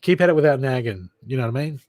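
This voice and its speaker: A man's voice: medium pitch, animated, rapid-fire, darkish tone. Chatty man reading tarot on a livestream. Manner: chatty, calls viewers darling and mate. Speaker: live tarot card reader. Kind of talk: casual livestream chat.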